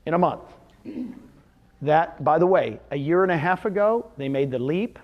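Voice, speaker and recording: With a higher, expressive voice and a slightly slow pace, a man gives a motivational talk to a live audience at a real estate seminar. He tells success stories animatedly and throws rhetorical questions at the crowd, and the audio sounds dull.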